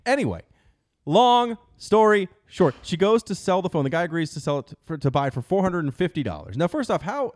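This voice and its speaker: A man's voice: high-pitched, sing-song, fairly quick, a little mellow. A man hosting a comedy radio show, telling news stories with self-deprecating jokes and frequent laughter. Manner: joking, self-deprecating storyteller, laughs mid-sentence.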